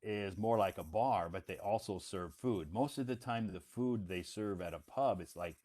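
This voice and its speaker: Brief: low-pitched American male teacher, easygoing chat, lots of repetition and laughter. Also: normal speed, a little mellow. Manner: chatty, laughs often, repeats words for a learner. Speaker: English teacher host. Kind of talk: casual conversational interview. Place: lives in Beijing.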